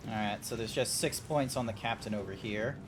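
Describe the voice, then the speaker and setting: A man's voice: lowish voice, fairly quick. Chatty streamer man over music. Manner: rambling, many fillers and restarts. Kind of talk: casual chat while gaming. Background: background music.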